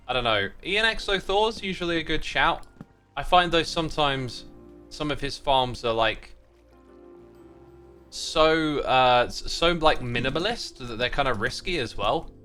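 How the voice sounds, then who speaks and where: A man's voice: medium pitch, sharp tone. A man streaming a game, chatting casually, reading viewer messages aloud and thanking supporters. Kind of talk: casual livestream chat while playing.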